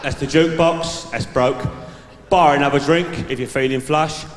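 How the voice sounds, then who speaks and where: A man working a live room as a cocky, laddish bloke handing out dating advice. His voice sits a little high and rings out through a big echoing hall, with a faint hiss underneath. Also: steady tone, normal speed. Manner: brash laddish bloke giving dating tips. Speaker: stand-up comedian. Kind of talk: stand-up character act. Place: large live venue stage. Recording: echoey hall from the stage mic.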